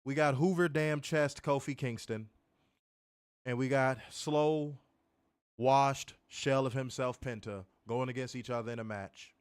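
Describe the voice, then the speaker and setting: A man's voice: medium pitch, steady tone, a little slow, clear, resonant tone, no echo, studio quality. Exasperated man ranting a wrestling review. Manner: exasperated, profane, sarcastic, addresses listeners as y'all. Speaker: podcast co-host reviewing wrestling.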